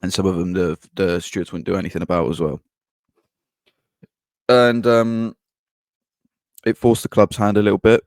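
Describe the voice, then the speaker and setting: Low-voiced bloke, blunt. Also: male voice, flat delivery, normal speed, pauses often, dry recording, clean studio sound. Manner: blunt, swears, frequent ums and restarts. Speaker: podcast host. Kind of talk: casual match-reaction monologue.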